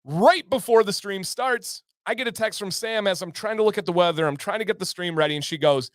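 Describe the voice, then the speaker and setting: A man hosting a live stream tells his viewers a long tale of frustration, full of quick jokes aimed at the chat. His voice sits a touch high and comes through smooth and clear. The sound is close and dry, with no room in it. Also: no echo. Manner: animated, exasperated, jokey asides to chat. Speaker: livestream host. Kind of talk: casual storytelling to a live chat.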